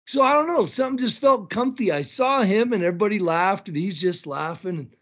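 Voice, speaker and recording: A high-pitched man in his fifties from Blackfeet country, Montana, spinning casual stories as a podcast guest. He talks in an animated way, laughs often and swears. The recording sounds dull and lo-fi. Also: brisk, breathy edge. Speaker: podcast guest, tournament announcer. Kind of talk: casual storytelling chat.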